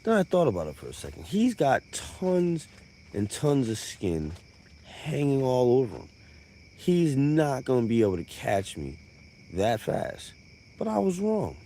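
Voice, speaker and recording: A man's voice: mid-range voice, dark tone, a little hiss or hum. A man telling a profane comic tall tale on a live stream, with conversational asides.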